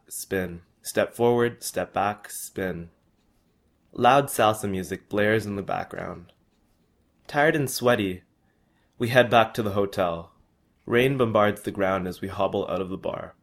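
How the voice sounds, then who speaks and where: A young man earnestly reading his personal travel story aloud. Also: on the low side. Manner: earnest, with small restarts.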